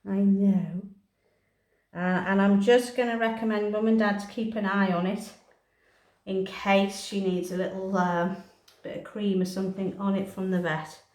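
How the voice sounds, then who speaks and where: A woman, a cat groomer, soothing the cat in gentle cooing words and explaining her work as she goes. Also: medium pitch, fairly even intonation, normal speed. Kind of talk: talking through a grooming session. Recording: roomy echoey grooming room.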